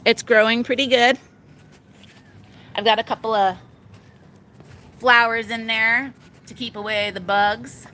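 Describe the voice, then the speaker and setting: A woman's voice: on the high side, fairly even intonation, unhurried, long pauses, pushed and bright. A woman vlogging outdoors in her garden on a handheld phone, rambling casually and laughing often. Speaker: vlogger showing her pet pig and garden. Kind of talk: casual chat.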